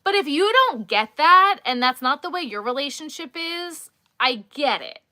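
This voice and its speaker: A young woman's high, bright voice swings up and down as she chats with her live audience. She is sassy, laughs easily and breaks off now and then to talk to her dog. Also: expressive, moderate pace, no room sound, clean studio sound. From New York. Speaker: livestream host. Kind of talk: casual chat with live viewers.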